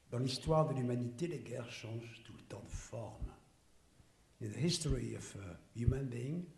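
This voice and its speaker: A man with a French accent, French by birth, giving a conference speech in halting, broken English that slips into French. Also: mid-range voice, gravelly, dark tone, echoey room. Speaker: conference speaker. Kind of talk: public speech. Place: conference hall.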